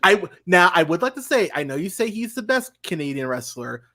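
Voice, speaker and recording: A man's voice: sits high, sing-song, brisk, sharp tone, dry recording, studio quality. A man hosting a podcast, chatting casually in an emphatic, ranting way, with some swearing. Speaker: podcast host.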